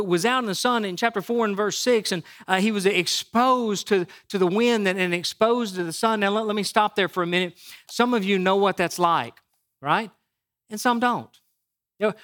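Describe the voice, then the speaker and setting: Preaching his sermon in a high-pitched, slightly bright voice, this pastor keeps things conversational, frequently restarting and repeating words while checking in with the crowd with "right?"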